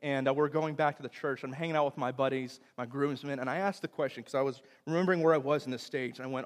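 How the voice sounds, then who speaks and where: A young man from Texas preaching a sermon, telling stories with big swings between loud bursts and hushed, tender moments. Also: medium pitch, steady tone, fast, few pauses. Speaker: pastor. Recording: long hall reverb.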